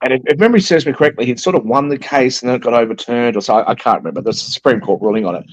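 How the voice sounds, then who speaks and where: Fast-talking ranting man. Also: medium pitch. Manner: animated ranting storyteller, mimics callers. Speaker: co-host. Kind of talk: casual panel chat.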